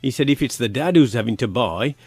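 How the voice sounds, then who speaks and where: A man's voice: mid-range voice, lively intonation, a little fast, breathy edge. A man hosting a radio show, telling stories and laughing at his own jokes. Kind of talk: casual storytelling chat.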